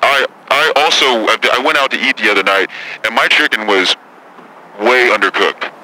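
A man's voice: medium pitch, moderate pace, sharp tone, poor audio. A man doing a comedy impression of a brash, touchy female celebrity talk host who swears and gets defensive.

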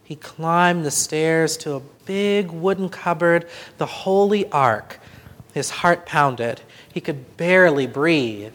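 A storyteller reading a children's picture book aloud in a slow, expressive voice that turns hushed in places. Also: medium pitch.

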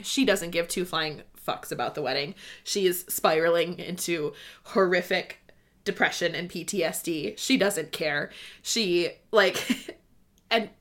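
Bright-voiced gushing woman in casual chat. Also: on the low side. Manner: gushing, animated, swears freely, reads passages aloud. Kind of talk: casual book discussion chat.

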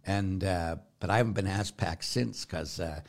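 Blunt priest with forceful manner. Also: male voice, low voice, normal speed, vocal fry. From Pittsburgh, United States. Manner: blunt, forceful, storytelling with rambling restarts. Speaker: Catholic priest answering listener questions. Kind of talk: casual Q&A talk.

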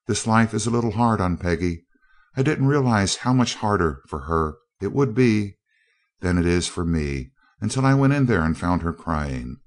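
An affectionate young woman, voiced by a male reader in a spoken storybook. She speaks earnestly, with a gentle teasing edge, her voice sitting only modestly higher than the reader's own deep tone. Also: lively intonation, moderate pace. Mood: concerned. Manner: earnest, fond, mildly teasing.

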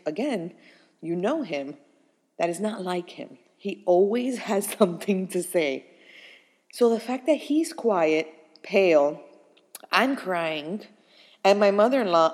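A young woman casually telling her pregnancy story in an animated, chatty way with plenty of fillers. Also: lowish voice, measured pace, big-room sound.

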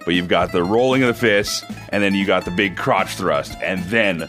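A man co-hosting a casual wrestling chat show, talking in a thoughtful, measured and self-deprecating way. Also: deep voice, over music. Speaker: co-host.

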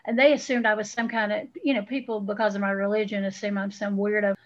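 A woman's voice: mid-range voice, flat delivery, fast, dull audio, very noisy. Feisty Southern woman podcaster. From Southern United States. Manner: feisty, blunt storyteller. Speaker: podcast co-host. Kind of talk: casual chat.

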